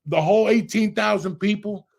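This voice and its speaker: Man, middle-aged, gravelly husky voice, loud profane storytelling, podcast host. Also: high voice, normal speed. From Cuba.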